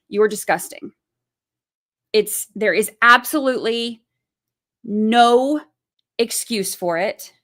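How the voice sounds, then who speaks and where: A woman hosting a livestream, giving heated commentary in blunt, profane language and repeating her points for emphasis. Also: on the high side. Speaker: channel host.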